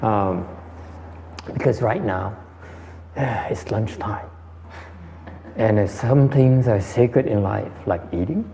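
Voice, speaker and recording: In a meditation hall, a meditation teacher delivers a conversational dharma lecture, repeating phrases and answering questions. His medium-pitched voice is mellow, and the muffled hall recording has a little hiss or hum.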